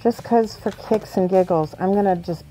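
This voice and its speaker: A woman in casual livestream chat, talking through her work as she goes. She laughs often and thinks aloud in a voice of middling pitch. Soft music plays faintly behind her. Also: normal speed. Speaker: livestream host painting models. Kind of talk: casual chat while working.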